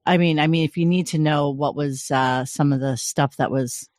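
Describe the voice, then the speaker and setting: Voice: medium pitch, steady tone, normal speed, a little mellow, no echo, clean studio sound. A podcast host in casual chat, chatty and rambling, with laughing asides.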